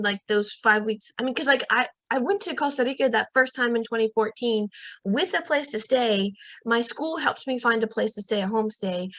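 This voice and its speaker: A young woman guest on a podcast, telling a personal story in a lively, casual way and acting out what people said. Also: no room sound. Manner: lively, acts out quoted voices in a higher pitch; frequent fillers and restarts.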